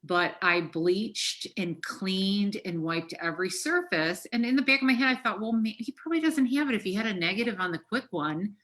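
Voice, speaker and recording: A woman's voice: medium pitch, lively intonation, normal speed, few pauses, fairly bright tone. A middle-aged woman therapist talking frankly and emotionally on a podcast, swearing freely. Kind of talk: casual podcast conversation.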